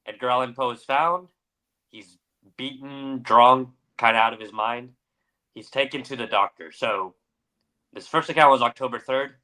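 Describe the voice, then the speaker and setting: A young adult man co-hosting a podcast reads a story with dramatic flair, then drifts into casual chat full of fillers. His medium-pitched voice sounds pushed and bright at a moderate pace.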